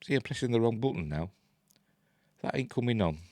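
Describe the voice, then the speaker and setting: A man's voice: medium pitch, lively intonation, a little fast, a little mellow, soft background music. A man with a Yorkshire accent giving casual news commentary as a channel host, chatty and jokey, with frequent laughs and rambling asides.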